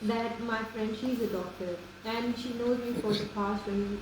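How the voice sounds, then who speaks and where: A woman's voice: a little high, steady tone, normal speed. A woman guest in casual chat, speaking hesitantly with many fillers. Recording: very echoey room with noise.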